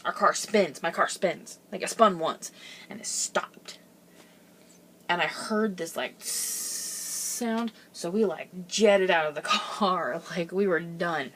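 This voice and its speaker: Young woman vlogger, lowish voice, rambling and chatty, laughs through her stories, recorded at home. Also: animated, slow, a bit bright, slight background noise. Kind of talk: casual storytelling.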